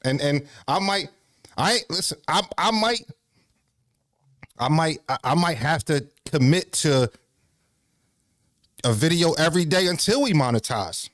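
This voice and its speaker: A man catches his breath as he chats loosely to his livestream audience. His voice sits a little high and the sound is dry and close. He curses casually and keeps restarting his sentences. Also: animated, measured pace, pauses often, fairly bright tone, dry recording. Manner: loose, profane, rambling with frequent restarts. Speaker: livestream host.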